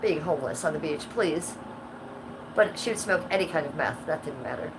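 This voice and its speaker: Woman, 50s, streamer, rambling and profane, lowish voice, noisy background. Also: moderate pace. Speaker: livestreamer. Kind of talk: casual livestream chat. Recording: steady background noise.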